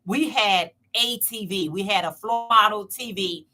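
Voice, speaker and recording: A woman's voice: mid-range voice, unhurried. A woman hosting her own live stream, chatting casually and repeating herself as she speaks straight to her viewers. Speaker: channel host.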